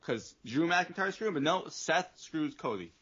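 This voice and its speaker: A man's voice: on the high side, lively intonation, normal speed, a bit bright, husky. A man co-hosting a podcast, explaining his views at length with emphatic swearing in a casual wrestling chat. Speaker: podcast co-host. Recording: dull lo-fi podcast audio.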